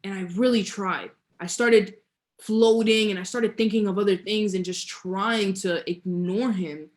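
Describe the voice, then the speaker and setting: A woman's voice: mid-range voice, steady tone, unhurried. A young woman, a guest entrepreneur, telling a story in a casual interview, laughing often and stretching key words. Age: young adult.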